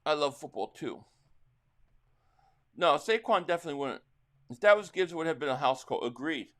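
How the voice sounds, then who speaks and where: This is a middle-aged man with a New Jersey accent, hosting a live football reaction stream. His voice sits a little high and swings widely in pitch. He drifts from one topic to the next, and he calls the plays as they happen. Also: moderate pace. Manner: rambling chat with chat readers, bursts into excited play calls. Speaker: livestream host reacting to a football game.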